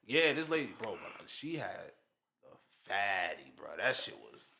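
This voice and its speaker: A young man tells a story on a podcast. His voice is very bright and forward, and the story is loose, slangy and full of put-on voices. A faint hiss sits under the recording. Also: lowish voice, very animated, normal speed, vocal fry, reverberant. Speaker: podcast co-host. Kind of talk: casual storytelling chat.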